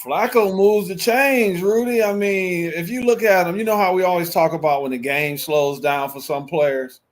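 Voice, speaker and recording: A man's voice: sits high, steady tone, moderate pace. A man co-hosting a sports talk show, arguing football picks in an emphatic, conversational way. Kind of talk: casual sports debate.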